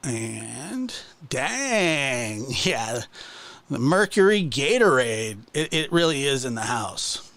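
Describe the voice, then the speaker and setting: A man's voice: mid-range voice, very animated, slow, vocal fry, a bit bright. A man hosting his own channel, ranting casually in a mocking, exasperated way with many restarts. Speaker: channel host. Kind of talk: casual livestream rant.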